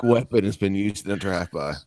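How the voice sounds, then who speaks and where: A man's voice: sits low, quick pace, darkish tone, no echo. A man telling a story in casual livestream chat, chuckling as he goes.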